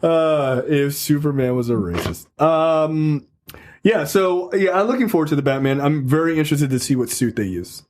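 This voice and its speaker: A man hosting a podcast talks in a fairly high, very lively voice, bouncing up and down as he chats. He is excitable and laughs often, tossing in "yo" as he goes. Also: normal speed. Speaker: podcast host. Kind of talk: casual chat.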